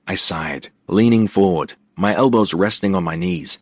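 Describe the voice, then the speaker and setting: A man narrating a romance audiobook in the first person, wry and expressive, on a close studio mic. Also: deep voice, moderate pace, hardly any pauses, breathy edge, no echo.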